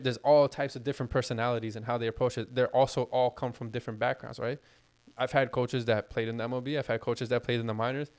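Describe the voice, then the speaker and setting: A man's voice: medium pitch, clean tone. Blunt, swearing young man on a podcast. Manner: blunt, heavy swearing, animated. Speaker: podcast co-host. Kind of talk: casual podcast chat.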